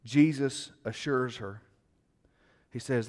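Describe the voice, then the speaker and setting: A male pastor preaching a sermon, retelling a scripture story dramatically and questioning the congregation, moving between loud bursts and hushed moments. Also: medium pitch, moderate pace. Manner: conversational, asks the crowd questions.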